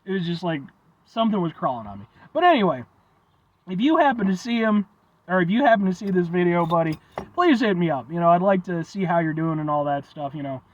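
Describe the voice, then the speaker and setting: A man's voice: high-pitched, lively intonation, fairly quick, muffled recording. A young man reviewing a drink in rambling, folksy casual chat, swearing now and then. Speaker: food reviewer.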